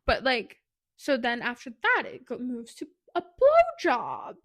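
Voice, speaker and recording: A woman co-hosting a podcast, retelling a book plot in casual, animated chat with laughs and asides. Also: high-pitched, unhurried, vocal fry. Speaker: podcast co-host.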